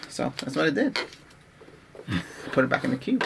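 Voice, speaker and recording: Bright-voiced man ranting casually. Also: medium pitch, sing-song, moderate pace, gravelly, pauses often, a little hiss or hum. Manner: rambling, exasperated, restarts often. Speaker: tech vlogger.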